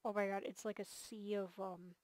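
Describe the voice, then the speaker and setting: A woman's voice: mid-range voice, little pitch movement, moderate pace, a little mellow, no room sound. A tired woman hosting a game series, giving an enthusiastic, gushing tour with lots of fillers. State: tired, yawning. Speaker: host of a multiplayer game series. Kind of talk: casual gameplay tour commentary.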